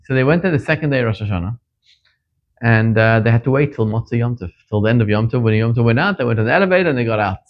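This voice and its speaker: A middle-aged man from Zimbabwe, a rabbi giving a sermon and telling stories, his voice climbing sharply whenever he stresses a point. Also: fast talker. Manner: animated storyteller, pitch leaping up for emphasis. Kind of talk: sermon with storytelling. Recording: dull lo-fi recording.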